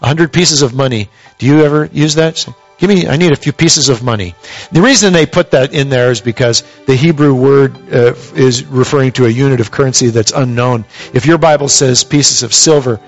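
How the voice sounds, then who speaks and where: A man's voice: medium pitch, moderate pace, faint music behind. A man preaching a sermon, reading scripture aloud and explaining it with emphatic, rising emphasis. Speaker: pastor.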